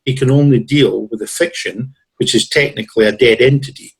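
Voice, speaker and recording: A man's voice: mid-range voice, fairly quick, breathy edge, rough recording. A male guest on a talk show telling long, rambling stories and acting out what other people said to him. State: tickly throat with coughs. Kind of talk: storytelling in a conversation.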